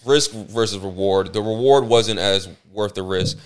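A man's voice: fairly low pitch, measured pace, clear, resonant tone. A man hosting a podcast, talking bluntly and emphatically, with plenty of swearing and repeated restarts. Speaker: podcast host. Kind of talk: casual podcast commentary.

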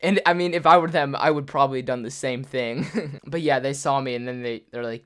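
A young man YouTuber telling a story to camera in a casual, rambling way, full of "like" and quick laughs. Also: mid-range voice, fairly even intonation, a bit bright, smooth.

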